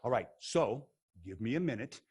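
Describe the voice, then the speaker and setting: A man teaching a playful science demo for kids, goofy and excitable, joking as he goes. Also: mid-range voice, normal speed, slight background noise.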